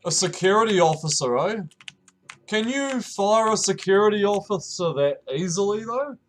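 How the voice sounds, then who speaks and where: A young man with a New Zealand accent speaks expressively at a normal pace while casually live streaming and reading messages aloud, with a little hiss or hum in the audio. He laughs often, restarts with stumbles, and reacts with sudden high exclamations.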